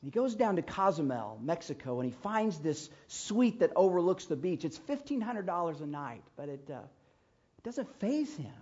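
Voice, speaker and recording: Male preacher, storytelling sermon, husky and a bit high, emphatic with loud-soft swings, dull muffled recording. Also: sing-song, moderate pace.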